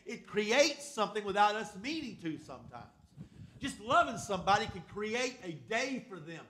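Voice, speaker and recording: A man's voice: high-pitched, sing-song, normal speed, fairly bright tone, slight background noise. An older man preaching a sermon, emphatic and calling on the congregation for amens.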